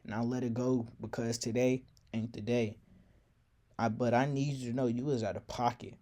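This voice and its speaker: A man voicing a huge young man who speaks calmly and directly, in a spoken story. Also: mid-range voice, close to an everyday voice. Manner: calm, direct, unhurried.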